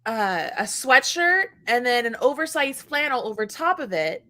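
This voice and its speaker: High voiced lady host, chatty, laughs a lot, does little voices. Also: normal speed. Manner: animated storyteller, laughs often, mimics voices. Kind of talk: casual chat.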